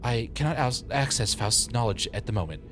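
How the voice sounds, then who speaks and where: A man voicing an aloof, know-it-all young woman from a game, in a flat, haughty and formal manner. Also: mid-range voice, brisk, faint music behind, lightly acted.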